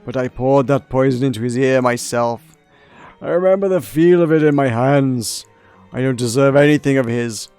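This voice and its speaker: A man's voice: medium pitch, normal speed, a little mellow, smooth, faint music behind, close to an everyday voice. A man voicing a guilt-stricken middle-aged king who confesses in an anguished prayer.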